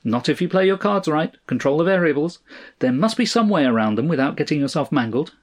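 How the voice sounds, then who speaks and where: A man doing a clipped, brisk male scientist. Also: on the high side, animated, pitched above the performer's own voice. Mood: persuasive.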